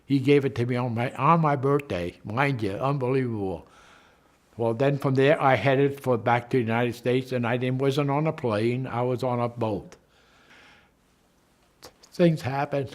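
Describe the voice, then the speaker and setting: Speaking to the camera at a medium pitch, a man in his nineties who served in a war shares his recollections. He talks in a halting manner, frequently repeating himself and starting over.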